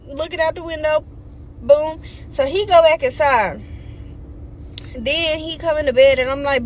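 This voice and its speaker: A young woman spills a storytime rant, blunt and full of profanity. She keeps it lively and mimics everyone she quotes. A faint background noise sits under her voice. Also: high voice, a little slow. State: pregnant. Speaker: storytime vlogger.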